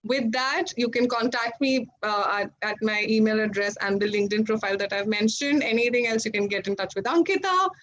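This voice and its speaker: An upbeat woman coaching students through an online vocabulary workshop, her voice sitting a little high. She talks from her desk at home over a video call, and the audio is dull and lo-fi. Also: brisk, hardly any pauses. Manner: energetic, coaching, encouraging. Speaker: voice and accent trainer.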